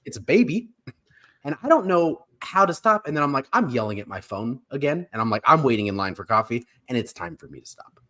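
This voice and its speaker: A male podcast host who chats casually and rambles through his stories. His pitch rises and falls a lot, giving him a lively sound. He pokes fun at himself and laughs easily. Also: a little fast. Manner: rambling, self-mocking, laughs often. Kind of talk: casual pop culture chat.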